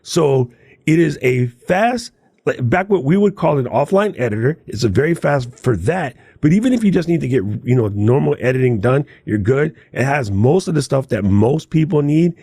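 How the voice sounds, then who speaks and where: A man's voice: mid-range voice, expressive, moderate pace, mellow, slightly rough, no echo. A man on a tech podcast panel, chatting casually and keenly, with joking asides.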